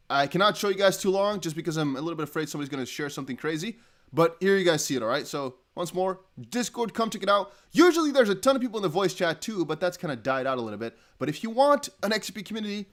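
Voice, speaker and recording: A young Dutch man hosts a casual crypto livestream, reading out donations in a chatty, laughing, rambling way full of restarts. His voice is on the high side and a bit bright.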